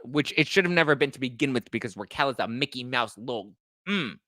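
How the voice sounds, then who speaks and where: Young male host, bright, forceful voice, sassy animated recap, dry close sound. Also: mid-range voice, quick pace, no room sound. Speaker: podcast host. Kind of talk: casual live recap chat.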